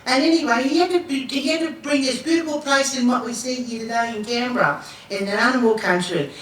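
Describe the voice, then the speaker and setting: A woman's voice: on the high side, fast. Older Australian woman telling a story in an echoey hall. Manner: relaxed, rambling storytelling with audience call-and-response. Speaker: Aboriginal elder giving a Welcome to Country. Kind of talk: storytelling welcome speech to an audience. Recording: echoey hall from far off, faint noise.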